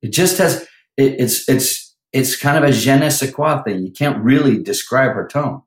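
Animated male vocal coach in a roomy room. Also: medium pitch, normal speed. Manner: animated, breaks into sung lines and impressions. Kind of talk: podcast interview talk.

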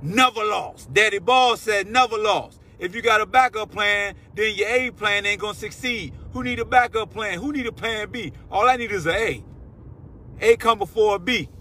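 A man's voice: sits high, moderate pace, pushed and bright. A man hosting a sports talk show, ranting and interrupting in a fiery, slangy way. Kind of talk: heated sports talk rant.

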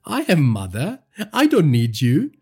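A man reading a crime audio story and voicing a hysterical, grieving young man who whines and rises to shrill cries. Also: very animated, unhurried, darkish tone, breathy edge, soft background music. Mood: haughty. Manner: whining, rising to shrill cries.

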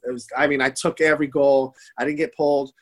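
A man's voice: medium pitch, quick pace. A middle-aged man from the Detroit area, telling a hockey story in casual conversation, swearing and acting out what others said. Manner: storytelling, animated, swearing, acts out quotes. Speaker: guest, former youth hockey goalie.

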